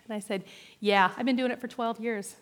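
Woman pastor, lively self-deprecating sermon delivery, reverberant hall sound. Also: a little high, fairly quick. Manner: personal and animated, with self-deprecating humor.

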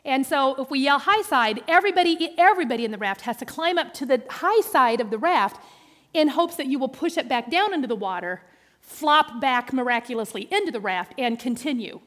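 A woman telling an animated, playful story to an audience, with quick jumps into the voices of people in it. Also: sits high. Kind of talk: lively storytelling talk. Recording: long hall reverb.

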